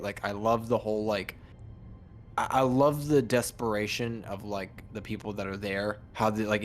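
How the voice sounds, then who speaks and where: Low-pitched male co-host, laid-back, salty casual chat. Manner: laid-back, swears often. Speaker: podcast co-host.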